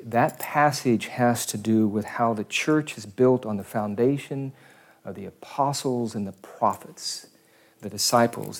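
A man's voice: fairly low pitch, darkish tone. A man giving a casual, conversational sermon as a pastor, rambling with self-deprecating asides.

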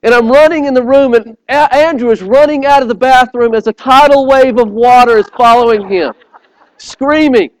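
A man's voice: extremely high pitch, moderate pace, clear, resonant tone, dry recording, low-quality recording. A man, recorded close and dry. He tells stories with animation, doubles back over his words, and keeps asking his congregation if they are with him. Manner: animated storyteller, repeats words and phrases; earnest, appeals directly to listeners. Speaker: preacher. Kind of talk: sermon.

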